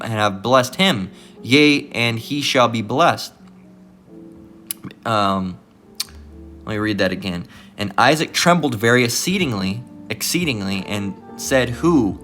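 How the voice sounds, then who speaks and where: A man's voice: medium pitch, bright, forceful tone. A man preaching, reading archaic scripture aloud with stumbles and rereads, then breaking in with blunt asides that he caps with "all right?". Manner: peppers remarks with "all right?". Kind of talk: Bible reading with commentary.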